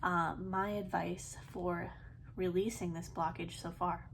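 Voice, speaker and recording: A woman's voice: on the low side, measured pace, slight background noise. A woman giving a casual, chatty tarot reading to her viewers, with loose fillers and a slightly itchy throat. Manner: chatty, relaxed, many fillers and soft laughs. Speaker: tarot reader.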